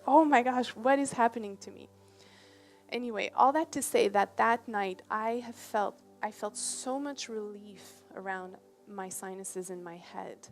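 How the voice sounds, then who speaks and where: A woman's voice: medium pitch, vocal fry. A woman giving a talk, telling a personal story in a conversational way and often checking in with her listeners. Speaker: presenter. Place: presentation on a cruise ship.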